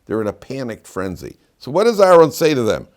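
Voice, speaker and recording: A middle-aged rabbi giving a lively classroom lecture, telling stories and quizzing his students. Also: brisk. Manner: animated storyteller, swings between loud emphatic peaks and low asides, quizzes students.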